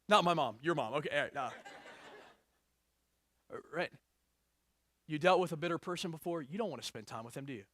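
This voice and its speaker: A male pastor preaching a sermon, lively and joking, reading scripture aloud with rising emphasis. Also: fairly high pitch, a little fast, pauses often, slight background noise.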